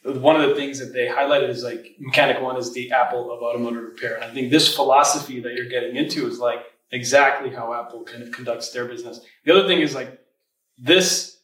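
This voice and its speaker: A man's voice: mid-range voice, steady tone, a little fast, a bit bright, reverberant, recorded from a distance, low-quality recording. A man hosting a podcast, chatting in a laid-back way with lots of fillers. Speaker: podcast host. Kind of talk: casual podcast chat.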